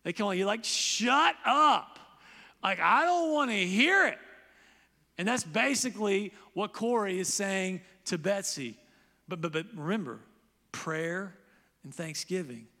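A man preaching a sermon as pastor, animated, loudly acting out the people he quotes. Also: high-pitched, big-room sound.

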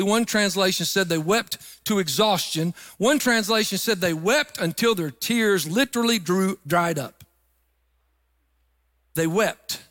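A man's voice: high-pitched, fairly bright tone, long reverb tail. A middle-aged man preaching a sermon, emphatic and rising into sung phrases. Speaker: pastor.

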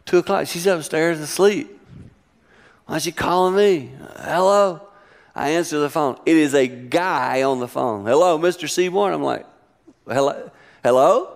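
A middle-aged man preaching a sermon, telling family stories with lively acted-out voices. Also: normal speed. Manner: animated storytelling, acting out voices with high-pitched exclamations. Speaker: pastor.

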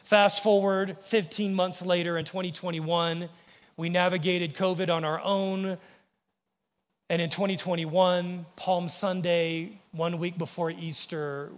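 American pastor guy preaching, fairly high voice, earnest, goes quiet and low on the quotes, big church echo. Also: flat delivery, measured pace. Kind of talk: sermon. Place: church sanctuary.

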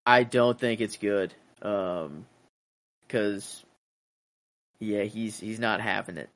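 A man co-hosting a casual podcast, musing about the episode in a halting way with many restarts. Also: fairly low pitch, fairly bright tone. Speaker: podcast co-host. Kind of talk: casual rewatch podcast chat.

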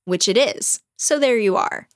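A woman's voice: a little high, no echo, studio quality. A woman co-hosting a casual chat, animatedly retelling a children's story and quoting its characters. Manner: animated, quick retelling with quoted voices.

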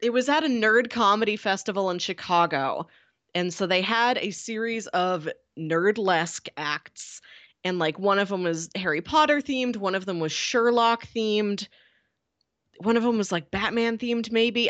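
A woman co-hosting a casual podcast chat, telling stories with animated enthusiasm. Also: medium pitch, measured pace, muffled recording. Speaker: podcast co-host.

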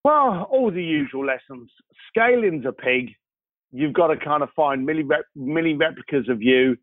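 Speaking at normal speed in a fairly high pitch, this concierge business owner is a guest in an interview, telling stories with lively acted-out dialogue. The recording is dry and comes through a tinny, phone-like line.

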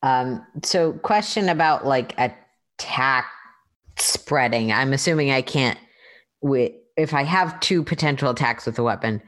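Low-voiced, lively woman player. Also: unhurried. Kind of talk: casual tabletop play.

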